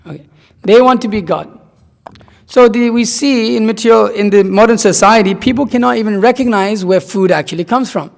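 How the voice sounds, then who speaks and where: High gravelly man teaching. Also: fairly quick. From Nepal. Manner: rambling, repeats himself for emphasis. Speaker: spiritual teacher. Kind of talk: conversational scripture class. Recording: long reverb in a hall.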